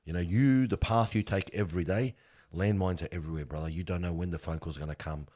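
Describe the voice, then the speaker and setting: Deep, husky-voiced middle-aged man. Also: fast talker, darkish tone. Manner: earnest, emphatic, slangy with frequent "bro". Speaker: funeral worker and guest. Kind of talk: heartfelt conversational storytelling.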